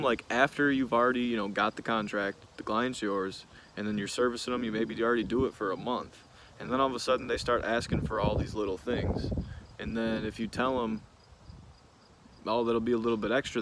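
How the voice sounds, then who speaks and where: A man's voice: mid-range voice, fairly quick, background noise. A man in his twenties who owns a service business, talking casually and frankly to the camera, rambling with lots of fillers. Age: 20s. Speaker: business owner, vlogger.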